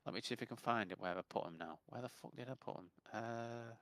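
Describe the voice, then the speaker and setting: A man's voice: mid-range voice, quick pace, fairly bright tone. A man in a casual gaming voice chat, rambling as he explains game rules at length. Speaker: gamer in a voice chat.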